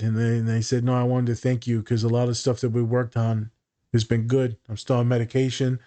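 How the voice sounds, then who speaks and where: A mid-range, brisk male voice: a therapist on a casual podcast, recounting client stories with heavy profanity and acted-out dialogue in an animated way.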